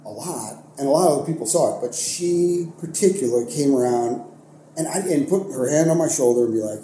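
Speaking a little fast at medium pitch, a young man from Ohio in the United States, who teaches art and coaches, rambles through stories in a casual podcast interview. He's animated and full of fillers, restarts, and self-corrections. Faint noise sits in an echoey room.

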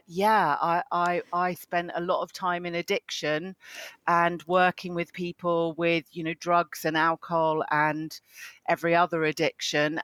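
A man's voice: on the high side, pushed and bright, smooth, no room sound. A man, a psychotherapist telling his life story in a chatty, self-deprecating way as an interview guest. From England. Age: 50s. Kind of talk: interview conversation.

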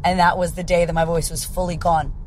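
An American woman with a hoarse, raspy voice from losing it, hosting her podcast as a confidence coach in upbeat, profane, rambling chat. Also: lowish voice, level tone, brisk, a little mellow, slight background noise.

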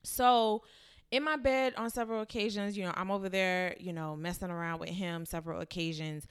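A woman's voice: lowish voice, fairly even intonation, fairly quick, smooth. A woman in her twenties, a guest telling a candid story in casual chat, laughing often. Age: 20s.

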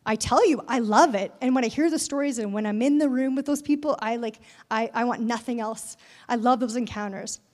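Young woman preacher, high-pitched, chatty and animated in her storytelling. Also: brisk, long reverb tail. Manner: animated storytelling, acting out voices in quotes. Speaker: speaker at a church event. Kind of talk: conversational sermon with personal story.

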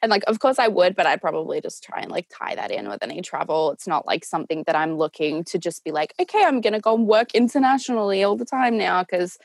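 A woman's voice: on the low side, expressive, fast, vocal fry, few pauses, no room sound. A young Australian woman, a guest in a casual interview, laid-back and laughing a lot. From South Australia.

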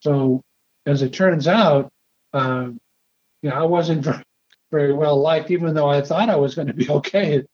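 An older man being interviewed, telling a story in a halting, rambling way with repeated words. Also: on the high side, a little mellow. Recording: dull lo-fi recording.

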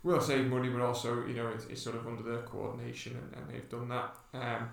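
A man's voice: mid-range voice, little pitch movement, a little fast, vocal fry. A man, a podcast co-host and runner, telling a rambling story in casual chat with many restarts. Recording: echoey room, distant mic.

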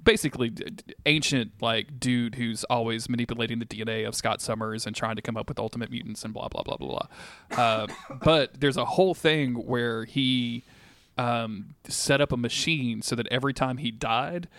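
A man's voice: medium pitch, normal speed, no echo. Rambling man recapping an episode. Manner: rambling, laughs while telling, bursts into animated put-on quotes. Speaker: podcast co-host. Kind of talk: casual recap chat.

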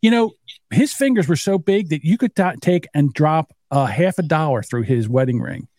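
Man in his fifties, higher voice, dry close sound, salty storyteller, casual podcast chat. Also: expressive, normal speed, darkish tone, dry recording. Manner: storytelling, profane, acts out quotes. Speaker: podcast co-host.

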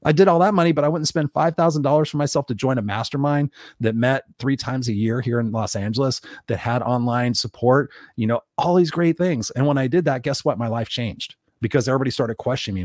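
A man's voice: medium pitch, fast, hardly any pauses, darkish tone, no echo, studio quality. A man hosting his own show, giving an unscripted motivational talk, blunt and swearing often, acting out the people he quotes. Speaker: podcast host. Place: Los Angeles.

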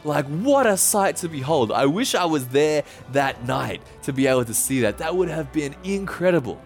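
A male pastor gives a sermon, retelling the story in a casual, playful way. His voice sits a little high and leaps up and down as he gets into it. Faint music plays softly behind him. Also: animated, moderate pace.

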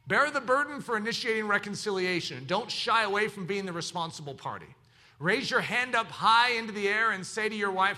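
A man's voice: high voice, brisk, bright, forceful tone. A man preaching a sermon as pastor, teaching in an emphatic, preacherly way.

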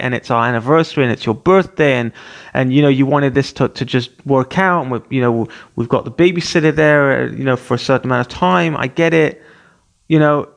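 Excitable man in his thirties. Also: medium pitch, creaky. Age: 30s. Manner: excitable, acts out his own panic. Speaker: podcast host. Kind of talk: casual storytelling monologue.

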